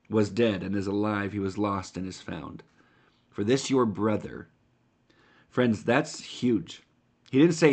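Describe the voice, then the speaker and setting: A man's voice: medium pitch, moderate pace, a little mellow. A man preaching a sermon as a pastor, speaking earnestly and directly to his listeners, with occasional restarts.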